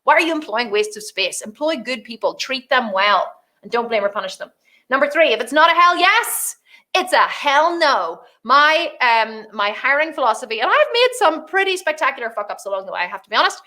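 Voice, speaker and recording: Brief: middle-aged female business coach, high voice, blunt, animated, swears freely. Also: fairly quick. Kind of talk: energetic business training talk.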